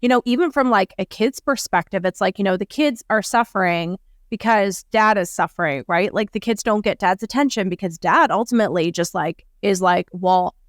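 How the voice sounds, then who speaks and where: A woman's voice: mid-range voice, brisk, no echo. Casual woman host, dry close sound. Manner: casual, many fillers like "like" and "you know". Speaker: podcast host. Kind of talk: podcast conversation.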